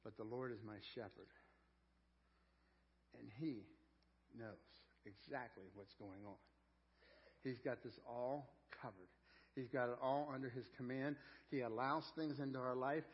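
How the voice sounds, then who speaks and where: The speaker is a man giving a sermon as pastor, with a steady, medium-pitched voice at a slightly slow pace. Earnest and folksy, he repeats words while finding them and moves between loud stress and quiet intensity. It's recorded as dull lo-fi church audio.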